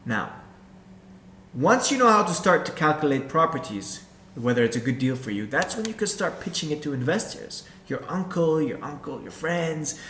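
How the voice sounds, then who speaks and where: A man's voice: on the high side, big pitch swings, moderate pace, fairly bright tone, a little hiss or hum. A man coaching beginners as a real estate investor, talking straight to the viewer and repeating his points. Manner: direct, repetitive, addresses viewer as you. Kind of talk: instructional talk to camera. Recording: echoey room with faint background ambience.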